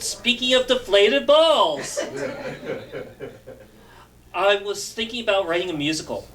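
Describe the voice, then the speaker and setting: A man's voice: sits high, a bit bright. A man doing stand-up comedy and hosting, with lots of fillers, laughing at his own jokes. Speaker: stand-up comedian and show host.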